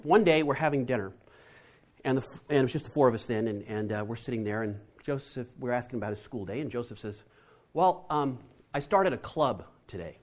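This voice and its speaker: A man telling a family story to an audience, animated and lively. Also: mid-range voice, quick pace. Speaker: speaker.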